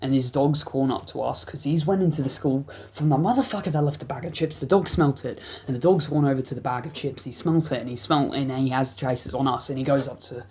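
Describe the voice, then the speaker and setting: A man's voice: medium pitch, quick pace, few pauses. Profane young man telling stories. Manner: profane, animated, rambling. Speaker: vlog host. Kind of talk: casual storytelling.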